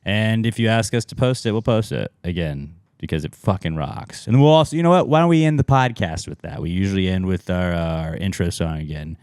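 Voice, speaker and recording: A man's voice: deep voice, lively intonation, brisk, few pauses, darkish tone, clear, resonant tone, no echo, clean studio sound. A man co-hosting a podcast in rambling, laid-back casual banter. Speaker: podcast co-host.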